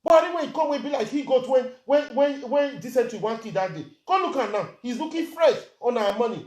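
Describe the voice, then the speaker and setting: A woman's voice: high-pitched, animated, quick pace, a little mellow. Indignant Nigerian woman ranting, echoey room. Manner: indignant, rhetorical questions, mixes Pidgin and English. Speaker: social media commentator. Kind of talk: angry vlog rant.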